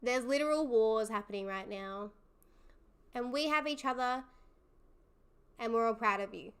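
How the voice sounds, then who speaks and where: Young woman streamer, bright high voice, unhurried, gushing and supportive toward her chat. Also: smooth. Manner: effusive and encouraging, laughs often. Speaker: livestream host. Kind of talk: casual live chat with viewers.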